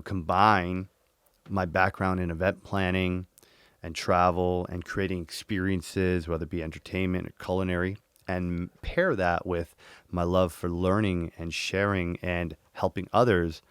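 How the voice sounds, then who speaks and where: A man in his forties, a podcast guest, telling his story in a lively way and acting out his inner dialogue. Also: sits low, measured pace, clear, resonant tone, no echo, studio quality. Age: 40s. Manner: animated, acts out inner dialogue, swears casually.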